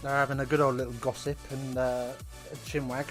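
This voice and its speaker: A man talks his way through a live rugby watch-along from his home, chatty and rambling with wry little asides. His voice sits at an ordinary middle pitch, and soft music plays quietly underneath. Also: flat delivery, brisk.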